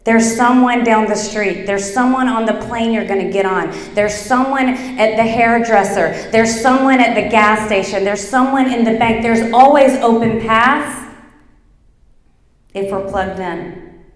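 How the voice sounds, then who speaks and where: A middle-aged woman giving a motivational talk, chatty and animated, sprinkling in fillers as she tells her story. Her voice sits a little high. It rings through a large hall with a long, roomy reverb. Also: unhurried. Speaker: workshop speaker. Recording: echoey hall.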